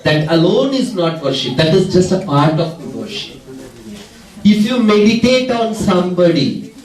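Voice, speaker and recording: A man with a somewhat raised voice tells a devotional story in a chatty, lively sermon, dropping teasing asides. He sounds far from the mic, and the hall is roomy and echoing. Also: high voice, normal speed. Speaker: preacher.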